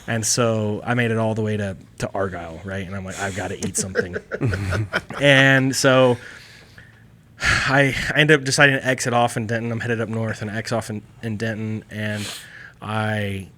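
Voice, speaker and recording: A man in his thirties spins a story as a podcast guest, chatting easily into a studio mic. He keeps it loose and animated and slips into the voices of the people he quotes. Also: fairly low pitch, moderate pace. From Texas. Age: 30s. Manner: animated anecdote telling, acting out quoted people. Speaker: podcast guest, beef company founder. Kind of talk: casual storytelling conversation.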